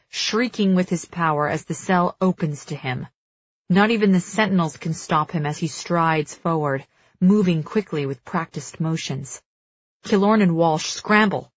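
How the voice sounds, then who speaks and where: A woman narrating dramatic first-person fiction as an audiobook reader, measured and slowing for tense moments. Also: deep voice, husky, dry recording, lo-fi sound.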